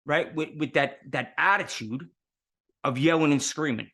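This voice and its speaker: A man's voice: fairly high pitch, normal speed, sharp tone, husky. New guy in his 50s, chatty interview guest, earnest, lots of rhetorical questions. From New York City. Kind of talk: casual interview talk.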